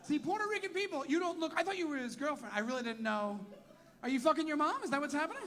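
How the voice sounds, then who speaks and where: A man's voice: very high voice, animated, quick pace, fairly bright tone. A man doing profane stand-up crowd work, teasing audience members in a tent venue. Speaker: stand-up comedian.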